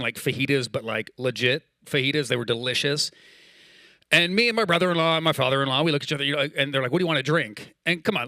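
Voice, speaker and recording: A man in his thirties gives a relaxed, conversational sermon with a bright, forceful tone. He tells stories and slips into quoted dialogue. The sound is dry and close. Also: fairly high pitch, no room sound. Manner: casual, storytelling, acts out quoted dialogue. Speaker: pastor. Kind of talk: sermon with personal story.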